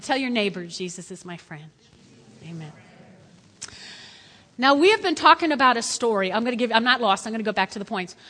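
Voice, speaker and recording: A woman pastor preaching a lively sermon in church, swinging between loud calls and hushed asides. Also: a little high. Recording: echoey hall.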